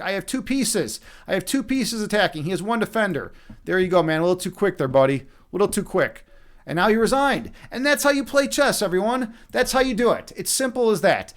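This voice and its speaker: A man with a notably high voice, hosting a live stream in a loose, rambling way. He swears a lot and keeps tossing "right?" to his viewers. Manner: rambling, profane, often asks "right?". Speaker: streamer, chess instructor and meditation guide. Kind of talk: casual live-stream chat.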